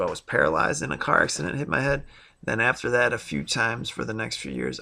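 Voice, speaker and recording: This vlogger's deep, gravelly voice comes across pushed and bright as he recounts his own experiences. In his thirties, he talks in a blunt, meandering monologue, casual and peppered with fillers and asides.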